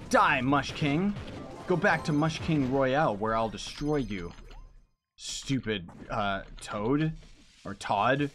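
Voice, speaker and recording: During a live gaming stream, a man of medium pitch and fairly bright tone chats with viewers over a faint hiss or hum. His talk is relaxed, wandering, and full of slang.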